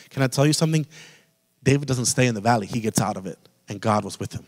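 Quick-paced and mid-range, a male preacher speaks to his congregation with passion in an impassioned sermon. The sanctuary gives the recording the long reverb of a church hall.

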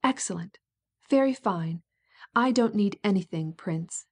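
A proud princess, bitter and cutting, her words edged with wounded resentment, as a woman reads her in an audiobook. The tone is mellow and dark rather than shrill. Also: expressive, unhurried, breathy edge. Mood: bitter, indignant.

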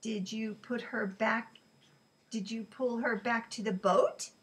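A lively, curious young woman who is quick to protest, as read by a woman narrator. She asks eager questions in a bright, raised voice. She is a figure from a storybook reading. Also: a little high, recorded from a distance.

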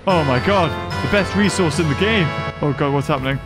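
A man giving excitable let's-play commentary as a gaming channel host. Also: a little high, brisk, music in the background. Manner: excitable, exclaiming.

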